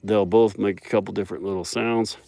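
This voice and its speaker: A man's voice: fairly low pitch, steady tone, fairly quick, gravelly, mellow. A man chatting casually on a live stream while out among cattle in a pasture, joking and talking to the animals. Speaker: livestreamer on a farm.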